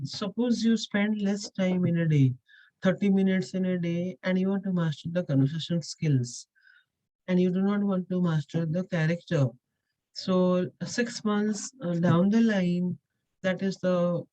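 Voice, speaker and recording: A woman teaches a language lesson, walking her listeners through each point with patient repetition and plenty of "uh"s. Her voice is mellow and dark rather than bright. The recording is dry and a little dull, with a lo-fi edge. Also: lowish voice, dry recording. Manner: patient, repetitive, explaining step by step with frequent "uh". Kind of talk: explanatory lesson with Q&A.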